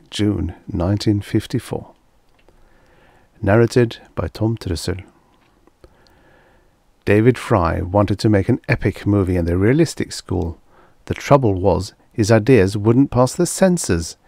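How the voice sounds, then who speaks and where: A man narrating vintage science fiction short stories in a measured, storytelling delivery. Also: on the low side, creaky, a little mellow, no room sound. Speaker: audiobook narrator.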